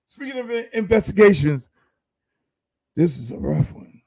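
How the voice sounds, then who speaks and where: A man with a high, gravelly voice hosts his podcast and rants hard, full of swearing and one rhetorical question after another. His tone is dark and mellow, and the recording sounds dry and close. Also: big pitch swings, moderate pace, dry recording. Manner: profane, heated, rhetorical. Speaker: podcast host. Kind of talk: casual ranting commentary.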